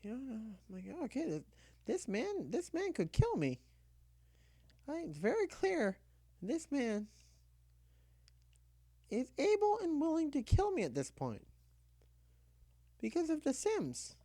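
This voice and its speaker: Woman storyteller, high lively voice, casual comic anecdote, plays out her own lines, dry close sound. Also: unhurried, long pauses, dry recording. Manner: animated, constantly saying "you know".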